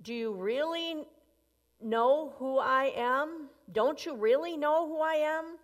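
A woman's voice: high voice, slow, voice pushed up. A woman playing an impatient, entitled male traveler who pushes to the front and demands a ticket. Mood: demanding. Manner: pushy, indignant. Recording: long reverb.

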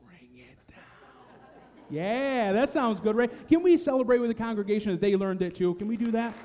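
High, mellow-voiced man leading kids in church. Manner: animated, coaxing, slows to a chant for the verse. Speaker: children's message leader. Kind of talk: children's church lesson. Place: church sanctuary. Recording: long church hall reverb.

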